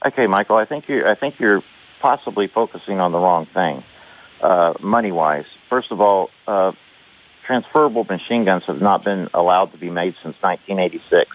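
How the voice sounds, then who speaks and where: A man's voice: sits low, moderate pace. A man from Texas calling in to a radio show, earnestly explaining with some hesitation. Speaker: caller. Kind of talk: call-in radio conversation. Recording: tinny phone line.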